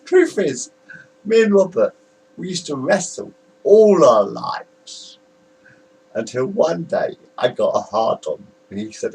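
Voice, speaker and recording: A man in his forties talks to a home camera, telling family stories in a loose, candid ramble and laughing between them. His voice is gravelly and swings up and down with feeling. He sits a little back from the mic, with a faint hum behind him. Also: fairly high pitch, big pitch swings, slow, a little mellow, far from the mic, poor audio. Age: 40s. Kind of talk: rambling personal recollection to camera.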